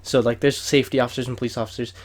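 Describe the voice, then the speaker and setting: Talking very fast in a mid-range voice, a young man on a podcast co-hosts by telling a long story in casual conversation. He swears heavily, rambles, and gets loud as he performs the quotes.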